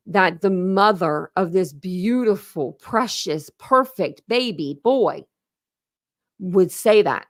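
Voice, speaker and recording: A woman's voice: fairly low pitch, takes it slowly, no echo, clean studio sound. A woman hosting a true crime live stream, reading court documents aloud and stopping to react in a rambling, openly upset way. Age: adult with a young son. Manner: conversational, full of "like" and restarts, openly upset. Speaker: true crime channel host.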